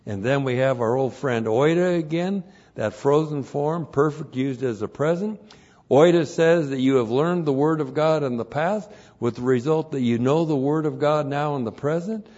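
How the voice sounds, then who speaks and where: A man pastor giving an expository sermon, deliberate and emphatic, with pauses and fillers. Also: on the high side, darkish tone, highs cut off. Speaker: pastor and Bible teacher.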